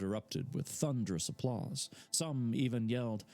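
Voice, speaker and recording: A man's voice: lowish voice, moderate pace, darkish tone, faint music behind. A man reading a fantasy novel aloud live, narrating with casual asides. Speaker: audiobook reader.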